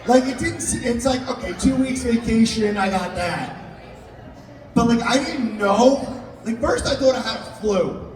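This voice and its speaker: High-voiced comedian in an echoey hall. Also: male voice, unhurried. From Italian-American family. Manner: animated, voices jumps up high and shouts in quoted outbursts; crowd work, teasing audience members. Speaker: stand-up comedian. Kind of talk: stand-up comedy set. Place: live comedy venue with audience. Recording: echoey hall recorded from far off, audience noise.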